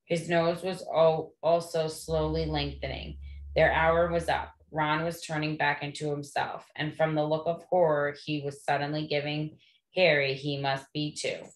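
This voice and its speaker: A woman reading a novel aloud to listeners in a gentle, friendly way. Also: low-pitched, flat delivery, a little slow. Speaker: read-aloud host. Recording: echoey room.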